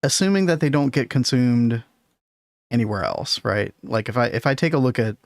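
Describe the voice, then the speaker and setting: A man's voice: mid-range voice, expressive, moderate pace, creaky, dry recording, clean studio sound. A man hosting a casual game stream, thinking aloud and chuckling often.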